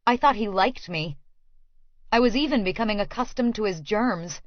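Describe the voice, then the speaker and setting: A woman narrating a first-person audiobook with a clear, expressive reading. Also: medium pitch, dry recording, muffled recording.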